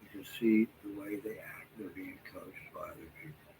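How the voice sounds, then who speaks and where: A tired man talking to viewers in a halting, rambling monologue, full of fillers and restarts, sometimes dropping to a near whisper. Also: deep voice, fairly even intonation, vocal fry, a little mellow. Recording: noisy room background.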